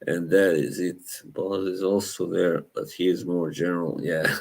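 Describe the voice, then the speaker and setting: A young man with an Eastern European accent, hosting a casual live chat, relaxed and halting, laughing often. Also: sits low, vocal fry. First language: Slavic language. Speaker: livestream host.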